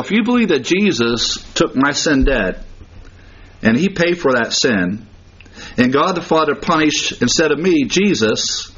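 A man's voice: mid-range voice, a bit bright, breathy edge, highs cut off. A man preaching a sermon, hammering points through repetition and chuckling at his own jokes. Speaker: pastor.

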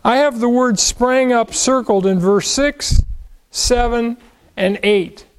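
A man's voice: very high voice, slow pace, clear, resonant tone, poor audio. A man teaching the Bible verse by verse, asking questions and answering them, leaning on key words.

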